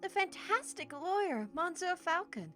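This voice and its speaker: A woman's voice: very high-pitched, very animated, a little slow, bright, forceful tone, faint music behind, pitched above the performer's own voice, heavily acted. A woman voicing a young noble cat lady prisoner who speaks in a sweet, polite, courtly manner. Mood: genteel.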